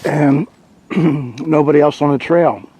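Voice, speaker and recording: A man's voice: a little high, slow, slightly rough. A man chatting casually to his camcorder while out alone in winter woods by a creek. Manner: relaxed, chatty, talks to the camera. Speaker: outdoor vlogger. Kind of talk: casual solo vlog. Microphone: handheld camcorder mic.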